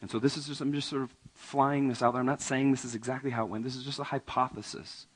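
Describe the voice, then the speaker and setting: Husky-voiced male pastor preaching. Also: mid-range voice, fairly even intonation, fast talker, rough recording. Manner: conversational, asks the audience questions; swings between raised emphasis and quiet asides. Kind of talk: sermon.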